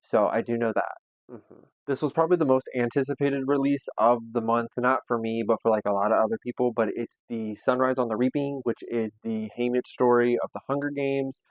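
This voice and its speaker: A man's voice: medium pitch, steady tone, a little fast, dry recording, muffled recording. Sassy, chatty young man. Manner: chatty, sassy and playful, with slang. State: a little out of breath. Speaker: booktube host. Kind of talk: casual book haul vlog.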